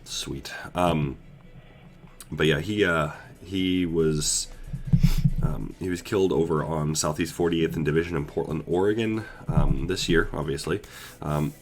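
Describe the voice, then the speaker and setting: A young man with an extremely low voice hosts a casual livestream from his computer. He is congested and keeps coughing and clearing his throat, and his talk is halting and full of ums. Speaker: livestream host.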